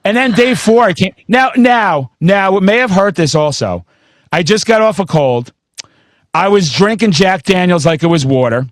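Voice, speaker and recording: A man in his forties hosting a casual metal chat, loud and intense, telling excitable stories with plenty of swearing. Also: high-pitched, normal speed, no echo, studio quality. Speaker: podcast host.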